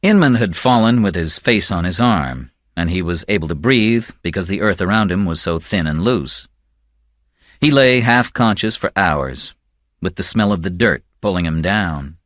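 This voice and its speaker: Male audiobook narrator, low and somber, slow measured read, dry close recording. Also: lively intonation, a bit bright, no room sound.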